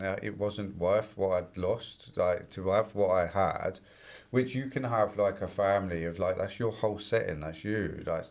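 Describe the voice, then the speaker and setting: A man with a very low voice answers an interviewer's question. He speaks haltingly, restarting his phrases, and his wording is plain and informal. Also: creaky. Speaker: podcast guest.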